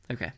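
A man's voice: high voice, breathy edge. A man co-hosting a comedy podcast who reads a story aloud, laughing often and tripping over words. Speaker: podcast co-host. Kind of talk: casual chat and reading a story aloud.

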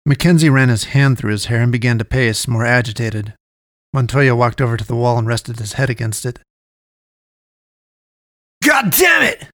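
A man narrating a first-person story in a measured, even way. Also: mid-range voice, no room sound, clean studio sound.

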